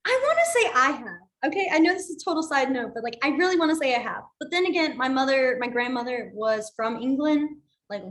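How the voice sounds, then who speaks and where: A woman's voice: a little high, fairly bright tone, echoey room. A young woman teaching a sign language class online, chatty, apologetic and easily sidetracked, laughing often.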